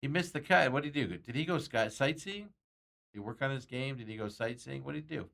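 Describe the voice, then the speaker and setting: A man's voice: mid-range voice, fast talker, creaky, fairly bright tone. A man hosting a sports talk show, chatting casually and rambling with frequent chuckles.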